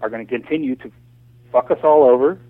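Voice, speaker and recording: An American man from the United States rants passionately in a casual conversation over a call, with lots of restarts and fillers. His voice is medium-pitched and fast. The tinny phone line sounds dry, with no echo.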